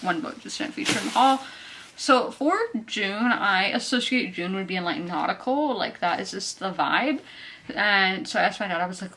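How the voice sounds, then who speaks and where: A woman's voice: medium pitch, pushed and bright, slight background noise. Chatty young woman vlogging. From South Carolina. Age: 20s. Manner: chatty and rambling, full of fillers. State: out of breath. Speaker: book vlogger. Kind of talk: casual chat.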